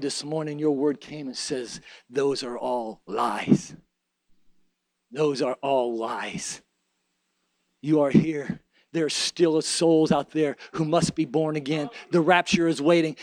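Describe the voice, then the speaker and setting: Guy preaching and praying hard, kinda high voice, dry close sound. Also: moderate pace, dry recording, poor audio. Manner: fervent, emphatic preaching with repeated phrases. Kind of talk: sermon and altar prayer.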